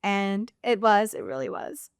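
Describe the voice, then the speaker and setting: A woman's voice: medium pitch, lively intonation, unhurried, smooth, no room sound, studio quality. A young adult woman, a guest in a casual interview, talking openly and reflectively with many fillers. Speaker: guest, nurse practitioner.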